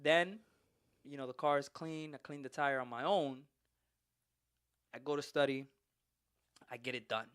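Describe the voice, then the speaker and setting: A man's voice: mid-range voice, unhurried, long pauses, clear, resonant tone, no echo, studio quality. A man hosting a podcast, telling a long story in casual, profane chat and laughing as he goes. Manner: animated, profane, laughs through his story. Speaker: podcast host.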